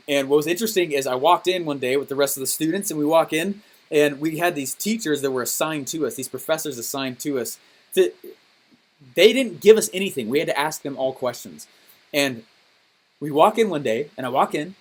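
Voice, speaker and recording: A man with a fairly high voice leads a coaching call for his students. He tells stories in an animated, enthusiastic way and keeps checking in with his listeners. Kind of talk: energetic coaching call with storytelling.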